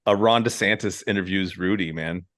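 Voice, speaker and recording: A man's voice: sits low, normal speed, fairly bright tone. A man hosting a podcast in casual chat, profane, rambling and laughing often. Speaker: podcast host.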